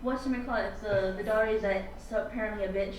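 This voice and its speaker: A woman chatting and reacting quickly in a casual group chat. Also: medium pitch, steady tone, crowd noise. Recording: roomy echo, clear background noise.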